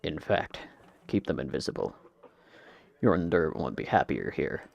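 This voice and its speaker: A man doing a low, gruff, stern man. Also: sing-song, normal speed, heavily acted.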